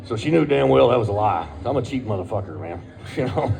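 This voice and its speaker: A man's voice: mid-range voice, expressive, a little fast, gravelly, a little mellow, soft background music. A middle-aged man, telling a crude, profane personal story in a laid-back way.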